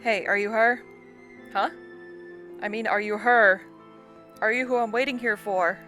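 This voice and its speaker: A woman's voice: on the high side, fairly even intonation, a little slow, bright, forceful tone, soft background music. A woman voicing a large, fierce troll girl who talks bluntly and impatiently.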